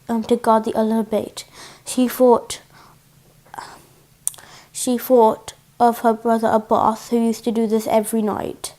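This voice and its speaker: High, even-voiced woman storyteller. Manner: gentle, steady reading with small restarts. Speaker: storyteller for children. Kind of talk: read-aloud religious storytelling.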